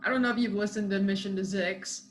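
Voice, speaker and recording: A woman's voice: mid-range voice, steady tone, fast talker, faint music behind. A woman guest on a casual podcast, chatty and full of fillers as she talks. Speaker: podcast guest and tabletop player.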